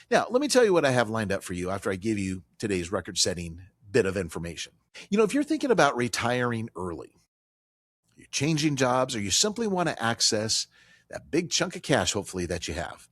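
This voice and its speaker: A man hosting a money talk radio show, with a lively pitch that swings up and down as he drives home each point. His voice is dry and close, with no room around it. He presses his points hard and circles back to repeat them. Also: no echo. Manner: emphatic, animated, repeats key points; casual banter with a colleague.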